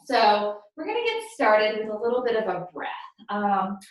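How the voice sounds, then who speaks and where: A woman's voice: medium pitch, sing-song, moderate pace. A young woman leading a children's yoga lesson with upbeat, encouraging, sing-song prompts, recorded at home by a camera at a distance. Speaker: kids yoga teacher. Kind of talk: guiding a children's movement lesson. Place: room at home. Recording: echoey room, voice off-mic.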